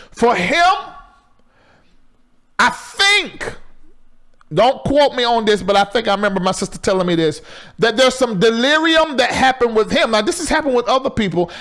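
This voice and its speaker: A middle-aged man, hosting a live call-in talk show in a loose, chatty way, jumping between loud exclaims and low asides. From Southern US.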